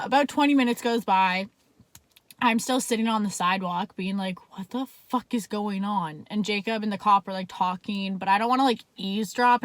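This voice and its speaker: A woman's voice: mid-range voice, no echo. A young woman from Canada telling a story in a casual, chatty way, swearing often and filling her talk with "like". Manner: chatty, swears a lot, heavy use of "like". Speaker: vlogger.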